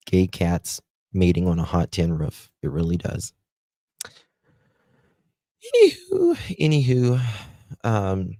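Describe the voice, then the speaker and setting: A man from the United States with a Southern American accent, hosting a casual live stream, chatting with viewers and reading their comments aloud with plenty of "um" pauses. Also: low voice, gravelly, dark tone, no room sound. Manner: chatty, self-deprecating, many "um" pauses. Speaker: livestream host.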